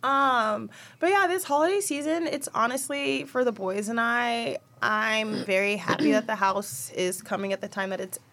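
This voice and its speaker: A woman's voice: on the high side, normal speed, fairly bright tone. A young woman co-hosting a podcast, talking candidly and emotionally about her children in casual chat, rambling a little as she goes. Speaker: podcast co-host.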